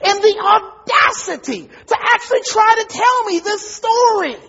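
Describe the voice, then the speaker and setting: A man preaching a sermon, telling a story and acting out voices, building to emphatic shouts. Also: very high voice, expressive, unhurried, gravelly, highs cut off. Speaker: pastor.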